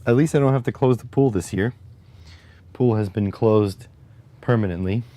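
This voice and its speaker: A man's voice: on the low side, moderate pace, warm tone. A man hosting a casual livestream, talking in a rambling, wry, conversational way and answering his chat. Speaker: livestream host.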